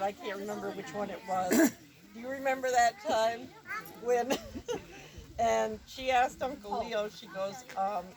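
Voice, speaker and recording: Woman, high voice, lively anecdote, laughing, outdoor gathering, loud crowd. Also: poor audio. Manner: laughing through a funny story, lively. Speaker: relative telling a family story. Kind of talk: informal anecdote at a memorial.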